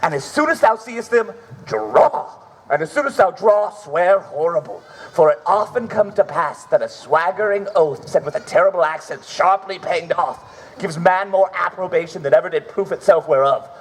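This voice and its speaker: A man's voice: high voice, lively intonation, moderate pace, slight background noise. A man playing a boisterous, scheming old knight with declamatory stage delivery, outdoors. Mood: plotting. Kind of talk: outdoor Shakespeare stage acting.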